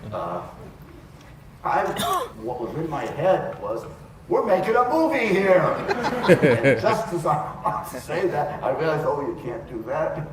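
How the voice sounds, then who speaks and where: A man thinks aloud slowly and unhurriedly as he tells a story, his voice moving up and down freely. He is far from the microphone in a very echoey hall, with a large crowd audible. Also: medium pitch, animated. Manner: thoughtful, laughing storytelling. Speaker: actor in an interview. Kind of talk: archival interview anecdote.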